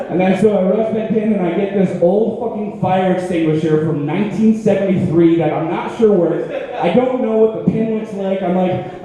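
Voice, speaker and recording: A man at an open mic, telling stand-up stories in a profane, animated, self-mocking way. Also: high-pitched, normal speed. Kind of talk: stand-up storytelling. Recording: echoey room with long reverb.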